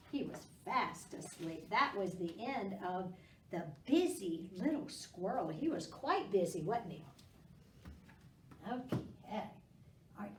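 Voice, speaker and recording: Storytime librarian, woman, slow sing-song delivery, distant roomy library sound. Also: mid-range voice, a little hiss or hum. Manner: gentle, encouraging, slow and sing-song with kids. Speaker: children's librarian reading storytime. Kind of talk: storytime read-aloud to children.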